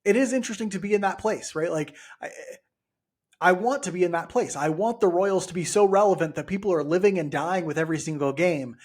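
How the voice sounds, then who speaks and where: A man's voice: sits high, a little fast. Wry man joking on a sports podcast. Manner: wry, joking, dry asides. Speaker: podcast co-host. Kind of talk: casual sports chat.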